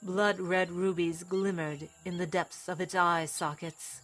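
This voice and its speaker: A woman's voice: lowish voice, little pitch movement, slow, fairly bright tone, soft background music. A woman narrating a story in a dramatic, scripted reading style.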